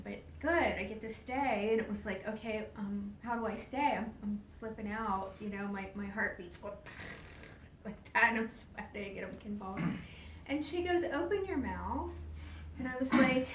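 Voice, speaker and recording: At a spiritual event, a woman tells a personal story to a live audience, animated, acting out others' voices, dropping to hushed whispers and laughing often. A distant camera mic catches her from far off in a roomy event hall, with a faint rumble underneath.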